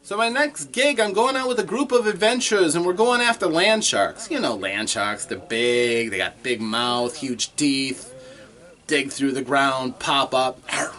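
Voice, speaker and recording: A man's voice: mid-range voice, lively intonation, unhurried, bright, forceful tone. A man playing a boastful adventuring bard doing stand-up comedy, joking and laughing at his own puns. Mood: cheesy.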